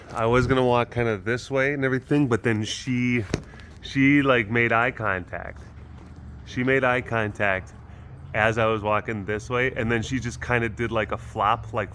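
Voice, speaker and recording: A man talking casually to camera while strolling outdoors past animal enclosures. His voice sits a little low, chatty and doting toward the cats, with a faint outdoor ambience under it. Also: fairly bright tone, a little hiss or hum. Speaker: vlogger at a wild animal facility. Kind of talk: casual vlog chat to camera.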